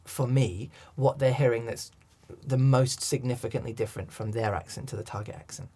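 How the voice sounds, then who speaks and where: A man's voice: mid-range voice, fairly even intonation, a little fast, warm tone, breathy edge. Thoughtful man explaining work. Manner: thoughtful, rambling with restarts. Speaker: accent coach and director. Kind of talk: interview conversation.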